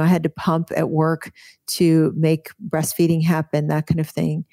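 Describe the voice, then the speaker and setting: A woman with a lowish, mellow voice tells a story in an earnest, vivid way, circling back on her words as she goes. The sound is close and dry, with no room around it. She speaks as a guest physician on an interview show. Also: dry recording. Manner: earnest, vivid, with frequent restarts.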